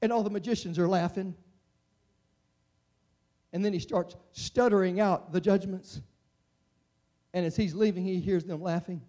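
Preacher, male, high-pitched voice, impassioned sermon delivery that swings from hushed to near-shouting. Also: steady tone, moderate pace, pauses often.

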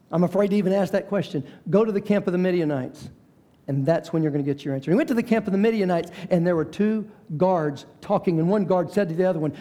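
A male preacher with a high but mellow voice delivers a sermon. He tells the story dramatically. He slows down and drops to near whispers for emphasis. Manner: dramatic storytelling, varies pace and volume.

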